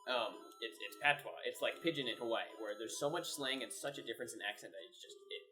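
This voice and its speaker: A man's voice: medium pitch, quick pace, bright, forceful tone, soft background music, poor audio. A young man chatting casually while gaming, telling a long story full of "like" fillers. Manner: rambling storyteller, lots of "like" fillers. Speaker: co-host.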